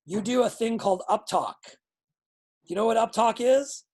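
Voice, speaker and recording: Brief: husky woman wrestling trainer, blunt and excitable, swears freely, heard over a video call. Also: fairly high pitch, moderate pace. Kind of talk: live online coaching feedback.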